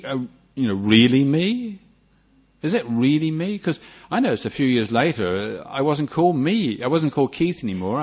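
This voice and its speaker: A man's voice: mid-range voice, husky. An older man, a Buddhist monk giving a reflective dharma talk with frequent restarts and light humor. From New Zealand. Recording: dull lo-fi recording.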